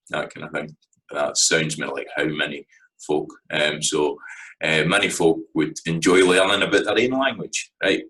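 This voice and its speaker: A man's voice: extremely low pitch, fairly even intonation, a little slow, sharp tone, low-quality recording. A Scottish man giving a casual spoken lesson, loose and conversational, often checking in with "right?". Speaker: language teacher.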